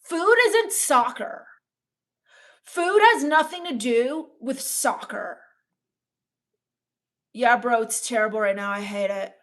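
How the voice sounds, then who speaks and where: Deadpan sulky woman, slightly high voice. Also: unhurried, long pauses. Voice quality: deadpan, sulky, sarcastic complaining. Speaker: comedic livestreamer reading chat. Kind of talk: in-character comedy livestream.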